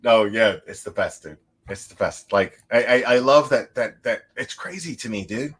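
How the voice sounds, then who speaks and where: A man's voice: fairly low pitch, expressive, normal speed, fairly bright tone, breathy edge. A man hosting a livestream, chatting casually and a little tipsy, rambling with lots of restarts, laughs and swearing. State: tipsy from drinking. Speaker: livestream host.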